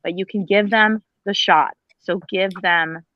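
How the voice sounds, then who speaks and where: A woman's voice: medium pitch, steady tone, unhurried, muffled recording. A woman, a former teacher, speaking on a panel in an emphatic, pleading, blunt way with some mild swearing. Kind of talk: impassioned panel talk.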